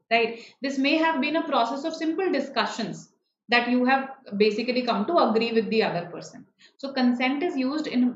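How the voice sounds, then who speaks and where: A woman teaches vocabulary in a live online class, patient and checking in with her students often. Her voice sits a little high. The sound is dull and roomy, with a faint hiss. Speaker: online exam-prep teacher.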